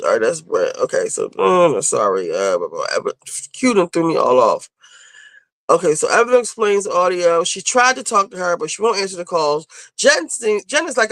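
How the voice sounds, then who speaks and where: A woman's voice: lowish voice, big pitch swings, normal speed, a bit bright, no room sound, poor audio. A woman giving a chatty, off-the-cuff recap of a reality TV episode, casual and loose with swearing. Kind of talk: casual, profane recap commentary.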